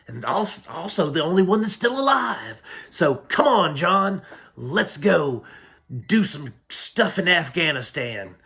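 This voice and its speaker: Guy doing a pushy older army colonel, chatty and coaxing, kinda high voice. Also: bright, forceful tone, heavily acted. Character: older male army colonel recruiting his old soldier.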